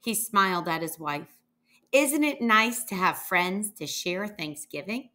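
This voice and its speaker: Slow, lively woman reading a storybook. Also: medium pitch. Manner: lively character voices, slow and expressive. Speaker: reader. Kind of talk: children's picture book read-aloud.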